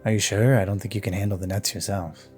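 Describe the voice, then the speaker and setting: A man's voice: lowish voice, fairly even intonation, quick pace, a little mellow, faint music behind, close to an everyday voice. A man doing a mumbling drunk fisherman. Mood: tipsy.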